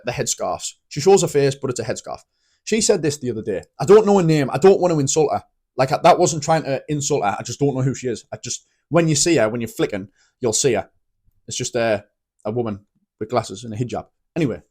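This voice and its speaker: A man's voice: mid-range voice, darkish tone. A British man talking to camera in a casual opinion vlog, rambling and blunt, often restarting his sentences and swearing freely. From Britain. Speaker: vlogger.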